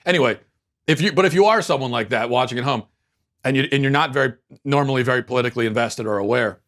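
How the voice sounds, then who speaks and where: A man's voice: mid-range voice, fast, fairly bright tone. A man hosting a political commentary show, talking casually in a sarcastic, mocking way with frequent restarts.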